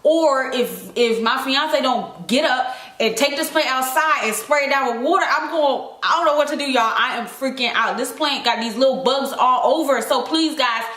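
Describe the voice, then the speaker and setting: A woman's voice: high voice, moderate pace, few pauses, fairly bright tone, reverberant. A woman vlogging at home, frantic and pleading as she talks straight to her viewers. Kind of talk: casual vlog to camera. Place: indoors, home room with houseplants. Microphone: camera mic, lit by a ring light.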